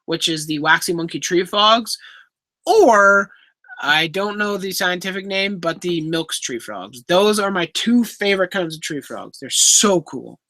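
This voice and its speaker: A young man in his twenties hosts a relaxed livestream, reading viewer questions and answering in a chatty, quick-to-apologize way. His voice is bright and forward, and the sound is dry and close with no room around it. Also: high voice, no room sound. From Canada. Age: 20s. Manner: chatty, apologetic, easily laughing. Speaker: livestream host. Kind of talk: casual livestream Q&A, reading chat aloud.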